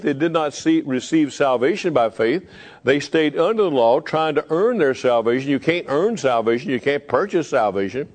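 A middle-aged man preaching as a pastor, emphatic and slowing down to repeat key phrases. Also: fairly high pitch, a little mellow. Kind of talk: sermon.

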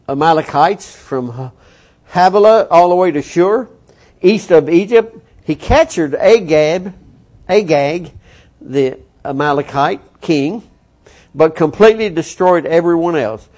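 A man's voice: fairly high pitch, a little mellow. A man preaching a sermon, reading scripture with folksy asides to the congregation. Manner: folksy asides, acts out the quoted lines. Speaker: pastor. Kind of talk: sermon, Bible reading with commentary.

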